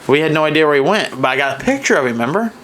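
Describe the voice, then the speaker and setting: A man's voice: a little high, big pitch swings, rapid-fire, a bit bright. Podcast guy telling a deer hunt story, acts out the deer, faint background hum. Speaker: podcast co-host. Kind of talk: casual hunting story chat.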